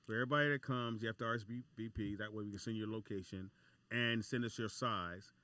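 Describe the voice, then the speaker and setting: A man about sixty hosting a casual talk radio show, giving loose shout-outs and taking calls. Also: lowish voice, steady tone, brisk, no echo. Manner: loose, laid-back, full of shout-outs.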